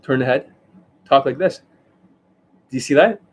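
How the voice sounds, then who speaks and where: A man's voice: medium pitch, moderate pace. Profane, combative male dating coach. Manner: demonstrative, keeps asking "you see that?". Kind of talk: livestream rant.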